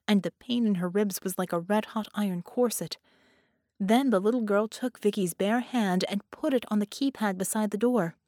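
A woman reads an audiobook in a clear, measured storytelling voice. Her pitch sits in the middle of the range. The recording is dry and close, with no room sound. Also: a little mellow, no echo. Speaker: audiobook narrator. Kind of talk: scripted audiobook narration.

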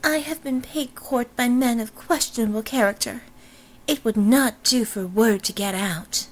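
A woman's voice: on the high side, measured pace, low-quality recording. A woman voicing a haughty young blonde heiress who speaks in a prim, formal, disdainful way.

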